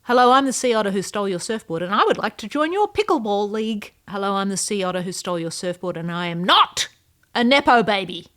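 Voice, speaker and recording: A woman's voice: mid-range voice, very animated, fast, fairly bright tone. A woman voicing an earnest female sea otter who writes personal ads and poems, read out in the first person.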